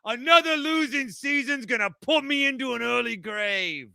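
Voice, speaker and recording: A man's voice: very high-pitched, lively intonation, moderate pace, creaky, pushed and bright, no room sound, heavily acted. A man putting on a mournful, complaining male New football fan. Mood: gloomy dramatic. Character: grumbling doom-laden male New York football fan.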